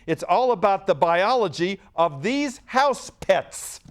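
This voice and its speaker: A man with a notably high voice hosts a student science quiz in a TV studio. He reads each question with upbeat energy and coaxes the young contestants along. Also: lively intonation, takes it slowly, heavy background noise. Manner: upbeat, coaxing and encouraging students. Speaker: quiz show host. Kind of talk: school quiz show hosting.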